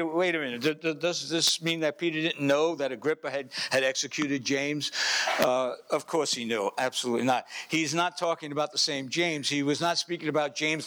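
Preacher, male, animated delivery, acts out scenes, somewhat high voice, restarts a lot. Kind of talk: sermon.

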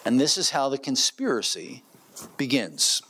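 A man's voice: mid-range voice, very animated, a little slow, sharp tone, slight background noise. A man preaching an expository sermon, reading verses and posing rhetorical questions to the congregation. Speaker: pastor.

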